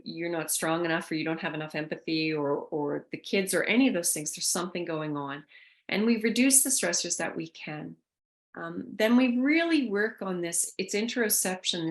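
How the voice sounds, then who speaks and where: A woman presenting a caregiver workshop, talking loosely with fillers and restarts. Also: lowish voice. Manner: conversational, thinks aloud with fillers and restarts. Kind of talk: online workshop talk.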